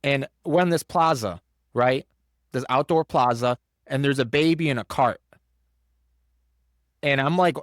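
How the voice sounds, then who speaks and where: A young man hosting a casual podcast, telling a story in an animated way with lots of fillers and acted-out quotes. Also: mid-range voice, clean tone, dry recording, studio quality. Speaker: podcast host.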